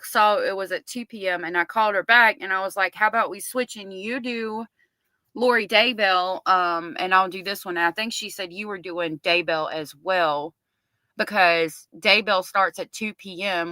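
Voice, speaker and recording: A woman's voice: fairly low pitch, pushed and bright, no echo, rough recording. A middle-aged woman hosting a casual livestream, chatting with viewers and reading their comments aloud. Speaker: livestream host covering a trial.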